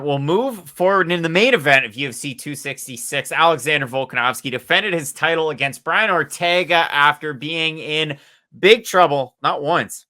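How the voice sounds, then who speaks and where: A man co-hosting a casual sports podcast in a bright, forward voice. He keeps the talk moving with quick, steady questions and opinions. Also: fairly high pitch. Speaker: podcast co-host.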